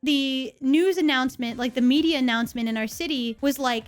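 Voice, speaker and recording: A young woman telling a story in a casual, animated way and acting out the people in it. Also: brisk, few pauses. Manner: animated, acts out quoted people in lower voices.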